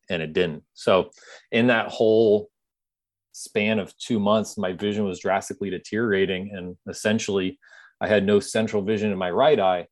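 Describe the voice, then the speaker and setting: Man, deep voice, close and dry sound, sincere interview guest recounting hard times. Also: no echo. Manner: earnest, reflective storytelling. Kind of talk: conversational interview.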